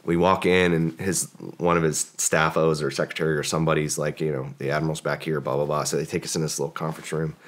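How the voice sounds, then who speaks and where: A man's voice: extremely low pitch, flat delivery, quick pace, hardly any pauses. A man, a former special forces operator, telling a long story in a casual podcast interview, rambling with many fillers and acting out the dialogue.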